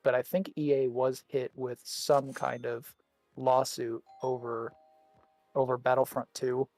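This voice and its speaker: A man's voice: mid-range voice, flat delivery, unhurried, darkish tone, soft background music. A man co-hosting a gaming podcast in casual chat, rambling and repeating words as he thinks, with the hiccups. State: has the hiccups. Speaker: podcast co-host.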